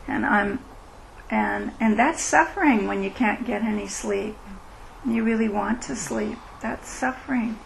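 A woman teaching mindfulness at a retreat and answering questions, in a gentle, reflective way that acts out inner thoughts. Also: mid-range voice, creaky, slight background noise, low-quality recording. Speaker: meditation teacher.

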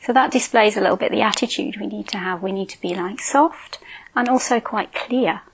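A woman's voice: mid-range voice, a little fast, husky, low-quality recording. A woman meditation teacher giving an informal dharma talk, telling and reading a Buddhist fable with light asides. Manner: informal, warm, chuckling asides.

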